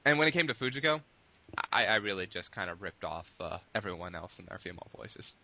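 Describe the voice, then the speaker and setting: Male interview guest, casual and rambling, with a bright, forceful tone. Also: sits low, big pitch swings, fast. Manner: long-winded, rambling with restarts. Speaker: guest, abridged series creator.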